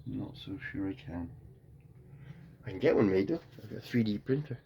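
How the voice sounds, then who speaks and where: A man's voice: lowish voice, animated, normal speed, gravelly, lo-fi sound, noisy background. A man in a rambling, free-associating comic monologue that jumps playfully between tangents. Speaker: comedian.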